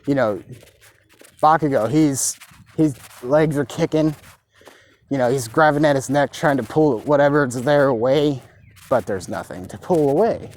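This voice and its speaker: A man's voice: medium pitch, a little slow. A man narrating an improvised fan story in a casual, rambling way, with lots of fillers and swearing. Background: dogs barking.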